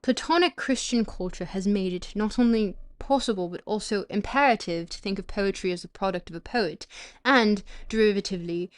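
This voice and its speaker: Casting: French-native woman streamer, halting read-aloud of dense philosophy, mid-pitched voice, casual asides to chat. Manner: halting reading with restarts and pronunciation checks. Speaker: streamer reading a book aloud.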